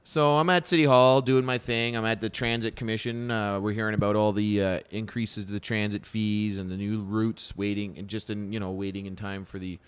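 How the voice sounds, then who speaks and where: A man in his thirties hosting a podcast, chatting casually and retelling a story with lively quoted dialogue. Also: fairly low pitch, brisk, hardly any pauses, smooth. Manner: storytelling, animated retelling of conversations. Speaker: podcast host. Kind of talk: casual chat.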